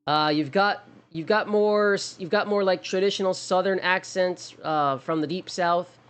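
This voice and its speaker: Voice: mid-range voice, fairly even intonation, moderate pace, a bit bright, smooth. A streamer chatting casually during a game, rambling with many restarts and thinking aloud. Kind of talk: casual livestream chat.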